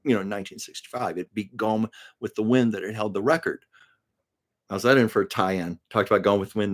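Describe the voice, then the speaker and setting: An older man hosting a casual livestream, telling anecdotes with frequent laughs and reading viewer comments aloud. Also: fairly low pitch. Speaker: livestream host. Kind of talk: casual storytelling chat.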